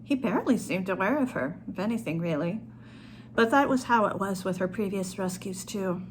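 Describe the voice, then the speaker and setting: A woman author reading her own short story aloud in a calm storytelling manner. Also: medium pitch, moderate pace, a little hiss or hum.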